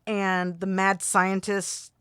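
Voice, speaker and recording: A woman co-hosting a casual podcast, rambling through a movie recap with jokes and quick asides. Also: medium pitch, monotone, fairly bright tone. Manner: rambling, jokey, retells scenes with quoted voices. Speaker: podcast co-host.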